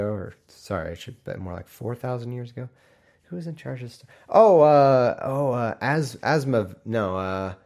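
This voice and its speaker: A man's voice: medium pitch, a little mellow. Yawning, sarcastic man reading aloud. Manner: yawning, sarcastic, wry, mock-helpful. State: yawning, scratchy throat. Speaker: podcast host reading the Bible aloud. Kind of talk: casual reading with sarcastic asides.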